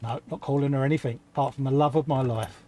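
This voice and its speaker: A man's voice: mid-range voice, fairly even intonation, mellow. A British man co-hosting a live model-making stream, chatting easily and joking at his own expense. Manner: easygoing, self-mocking, quick to agree. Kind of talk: casual chat while working on models.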